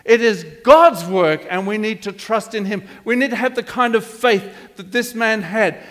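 High-voiced older male preacher in echoey church. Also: moderate pace, a bit bright. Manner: rambling, digressive, with frequent restarts. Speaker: pastor. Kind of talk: sermon. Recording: echoey hall reverb.

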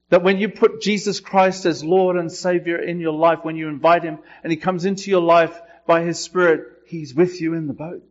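Man, pastor, sermon, slow and emphatic, higher-pitched voice, slightly dull recording. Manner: slow, emphatic preaching with quotes rising in pitch.

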